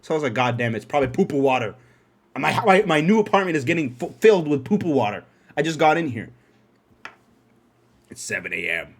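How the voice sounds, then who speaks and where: Animated, profane young man. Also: on the high side, brisk, long pauses, breathy edge. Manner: animated, profane, swings into loud excited outbursts. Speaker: podcast host. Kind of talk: casual storytelling.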